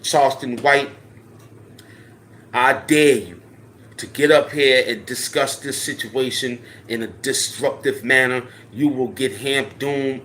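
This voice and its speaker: Hosting his own channel, a man rants straight into the camera, profane and confrontational. He repeats his dares again and again, sinking to a low mutter before rising into loud challenges, with slight noise in the background.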